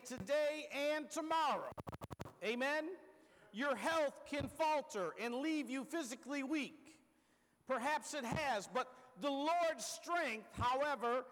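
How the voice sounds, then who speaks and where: A man preaching a sermon, his voice sitting very high and moving unhurried. He keeps asking the room "amen?" and lets his phrases sink low at the end. The sound rings with the long reverb of a big hall. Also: a bit bright. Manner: punctuates lines with "Amen?", drops low at phrase ends; speeds through everyday examples, slows on key phrases.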